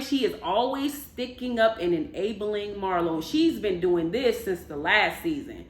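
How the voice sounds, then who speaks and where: A woman recapping a reality show in a casual, animated, chatty way, with emphatic storytelling. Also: medium pitch, measured pace. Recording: echoey room.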